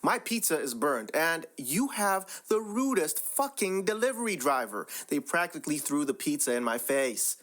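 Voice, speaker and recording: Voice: mid-range voice, big pitch swings, normal speed, few pauses, a bit bright. A reader voicing a rude, foul-mouthed, demanding woman customer in a narrated story. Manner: curt, profane, demanding.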